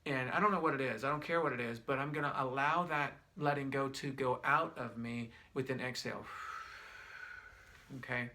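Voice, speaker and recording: A middle-aged wellness instructor leads a guided breathing demonstration in a mid-range voice at a moderate pace. He speaks gently and repetitively, thinking aloud and restarting, as his eyes tear up.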